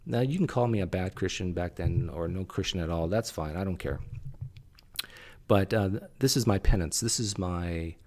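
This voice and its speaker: Man, low-pitched voice going hoarse, casual commentator, frequent throat-clearing, wry. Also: moderate pace, darkish tone. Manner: clears throat often, sarcastic asides. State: voice straining. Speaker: channel host critiquing a recorded conversation.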